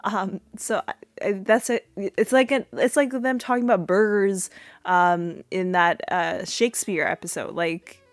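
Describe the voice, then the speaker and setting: A woman's voice: medium pitch, steady tone, unhurried, no room sound. A young woman hosting a podcast who recaps a TV episode in a casual, rambling way, full of fillers and asides. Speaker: podcast host.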